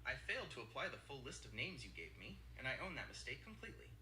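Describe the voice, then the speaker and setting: A text-to-speech male assistant voice with a very bright, sharp tone and a lively rise and fall. It speaks formally and apologetically. The voice carries a roomy echo with a faint hum behind it. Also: medium pitch, racing.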